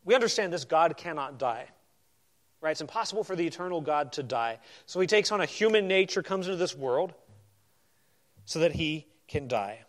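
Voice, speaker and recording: A man preaching from the pulpit, his voice pitched a little higher than most men's. He builds verse by verse from softer asides up to emphatic declarations. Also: animated, normal speed. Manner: expository, swings between emphatic and quiet asides. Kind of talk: sermon.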